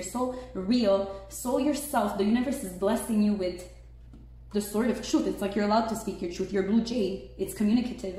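A woman giving a casual tarot reading, chatty and excitable, peppering her talk with "like" and "right?". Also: mid-range voice. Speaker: tarot reader. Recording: very echoey room.

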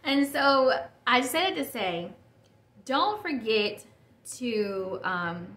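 A chatty woman in her thirties hosts a casual podcast by herself, rambling and stopping to correct herself. Her voice is mid-range and fairly bright. The space sounds echoey, with faint noise in the background.

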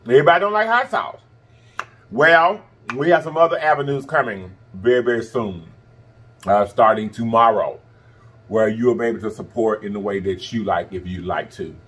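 Signing off to viewers of his eating show, a mukbang host speaks at a normal pace in a slightly rough, somewhat bright voice. He's effusive and affectionate, blowing kisses and teasing them playfully, his voice swinging up high.

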